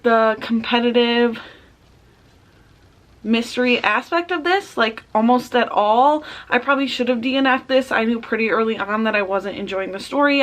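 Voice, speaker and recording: A woman's voice: fairly high pitch, a bit bright. A young woman vlogging casually about books, chatty and full of "like" fillers. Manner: chatty, peppered with "like". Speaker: book vlogger. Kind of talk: casual vlog chat.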